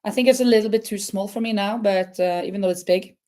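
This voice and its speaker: A woman from Norway with a Norwegian accent, hosting a casual live crochet chat in a halting way, with many fillers and restarts. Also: medium pitch, dark tone. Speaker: crochet channel host.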